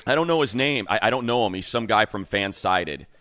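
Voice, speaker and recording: A man talking sports as a co-host, with a very low voice. He argues his opinions hard and builds into animated rants, and the recording is dry and close. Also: brisk, dry recording. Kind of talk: casual sports talk.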